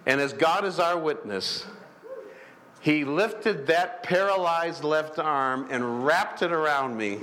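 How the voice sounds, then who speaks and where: A man preaching a sermon in a church, animated, acting out characters and calling for amens. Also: fairly high pitch, measured pace. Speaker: pastor.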